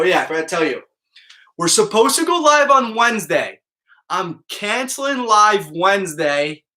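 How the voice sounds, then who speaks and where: A man's voice: on the high side, pushed and bright. A man, a math teacher, talking casually and upbeat to his students in a live online class, checking in with them often.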